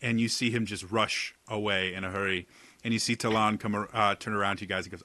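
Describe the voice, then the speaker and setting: A man narrating as game master, describing scenes slowly with many fillers. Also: lowish voice, steady tone, sharp tone. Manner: unhurried, filler-heavy, descriptive.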